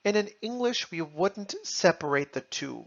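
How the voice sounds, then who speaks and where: Language teacher, very slow, deliberate, outdoor park, dull lo-fi recording. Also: mid-range voice, lively intonation, creaky. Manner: slow, deliberate, spells out example sentences. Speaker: German teacher. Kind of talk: language lesson explanation.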